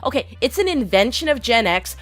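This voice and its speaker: A woman's voice: a little high, sing-song, brisk, fairly bright tone, dry recording. A young woman streamer talking casually, ranting in an opinionated, rambling way. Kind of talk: casual live-stream chat.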